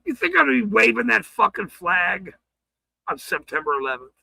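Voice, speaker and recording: An angry man ranting on his livestream, swearing hard, stammering and shouting. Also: high voice, sing-song, a little fast, gravelly, husky, no room sound, rough recording. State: furious.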